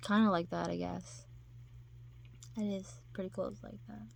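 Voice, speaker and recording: Woman with a gravelly, creaky voice. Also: medium pitch, little pitch movement, measured pace, a little hiss or hum. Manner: rambling, many fillers and restarts. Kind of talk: casual chat.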